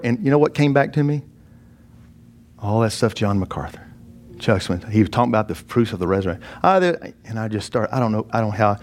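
A man preaching, telling a personal testimony with animated, self-mocking storytelling and many restarts. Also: medium pitch, fast. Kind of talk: sermon storytelling.

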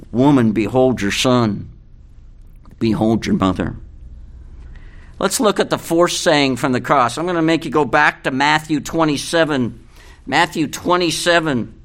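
An older man delivering a sermon, his voice sitting a bit higher than most men's. He preaches in a folksy, earnest way and reads scripture aloud. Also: a bit bright. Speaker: pastor.

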